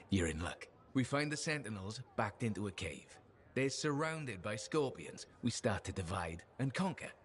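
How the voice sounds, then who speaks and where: A man's voice: on the low side, unhurried. An actor playing an upbeat man who runs a crew's books, telling stories in video game dialogue in a chatty, friendly way. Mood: storytelling. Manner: chatty, friendly, animated storyteller.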